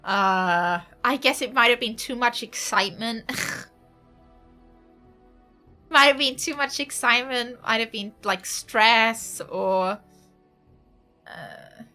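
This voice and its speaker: A woman streaming a game from home, chatting casually, laughing often and switching into a high baby voice for her dog. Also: slow, long pauses, pushed and bright, faint music behind. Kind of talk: casual live-stream chat.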